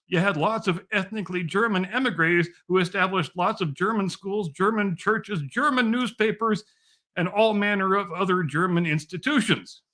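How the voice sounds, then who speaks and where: A man's voice: sits high, pushed and bright. A man hosting a podcast, delivering a scripted monologue with dry, mock-patient sarcasm. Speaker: podcast host.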